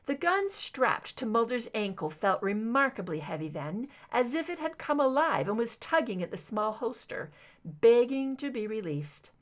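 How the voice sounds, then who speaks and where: Woman narrating an audiobook, expressive. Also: on the high side, normal speed. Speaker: audiobook reader. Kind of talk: fan fiction audiobook narration.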